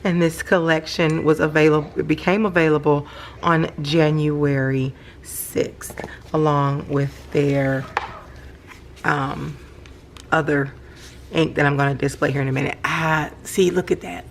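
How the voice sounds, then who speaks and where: A middle-aged woman, chatting casually about her hobby at home at night and gushing with excitement. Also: low voice, measured pace, creaky, slight background noise. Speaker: planner vlogger. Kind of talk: casual show-and-tell vlog.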